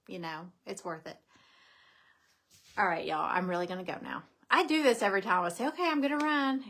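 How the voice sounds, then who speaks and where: A woman's voice: medium pitch, fairly bright tone. Woman, middle-aged, casual live chat, rambling, a little out of breath. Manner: rambling, chatty, repeats herself, says "you know" often. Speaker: craft business owner.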